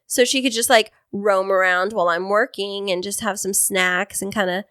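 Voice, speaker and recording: A woman co-hosting a podcast in casual chat, talkative and quick to laugh. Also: medium pitch, steady tone, fairly bright tone, clean tone, no room sound, clean studio sound. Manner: chatty, laughs easily. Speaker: podcast co-host.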